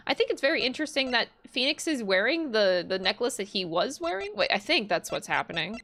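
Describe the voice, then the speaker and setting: A woman's voice: on the high side, very animated, fairly quick, hardly any pauses, a bit bright, slight background noise. A woman streamer chatting casually and swearing while playing a courtroom game, reading lines aloud. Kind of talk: casual gameplay commentary.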